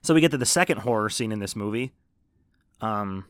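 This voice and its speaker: A man's voice: on the low side, lively intonation, a little fast, fairly bright tone, dry recording, studio quality. A man co-hosting a casual podcast chat about a movie, swearing often and teasing his co-host. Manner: profane, teasing, jokey.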